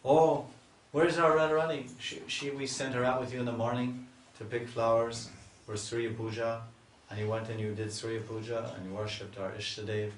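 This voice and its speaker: A man's voice: medium pitch, level tone, moderate pace, slight background noise, close to an everyday voice. A man voicing a worried mother who asks anxiously after her missing daughter, in a sermon. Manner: anxious, pleading. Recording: echoey room, mic far off.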